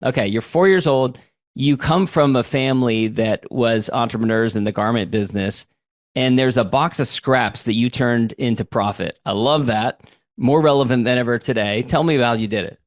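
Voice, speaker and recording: A man's voice: mid-range voice, moderate pace, no room sound, clean studio sound. A man hosting a business interview podcast, talking in an enthusiastic, conversational way. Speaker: podcast host.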